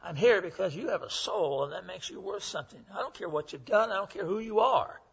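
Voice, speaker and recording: A man in his 80s preaches with a high, creaky, husky voice, lively intonation and a fairly quick pace. Folksy and earnest, his sermon is full of stories and he performs the quoted voices. It's a muffled lo-fi recording.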